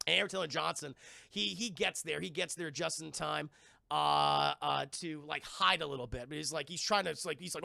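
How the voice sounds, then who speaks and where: A young man streaming a profane, animated movie recap to his live chat. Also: a little high, fast talker, creaky, no echo. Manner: animated, profane, laughing storyteller.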